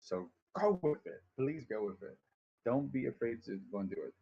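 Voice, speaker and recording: A man's voice: medium pitch, lively intonation, normal speed, gravelly, dark tone, dull audio. A man casually teaching voice acting on a stream, rambling, swearing freely and poking fun at himself. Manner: rambling, profane, self-deprecating.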